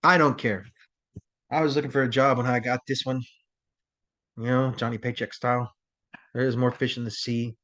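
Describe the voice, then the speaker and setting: A man's voice: medium pitch, fairly even intonation, moderate pace, pauses often, a bit bright, lightly acted. A man role-playing an angry male paramedic who rants indignantly about a coworker. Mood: dismissive. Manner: indignant, ranting.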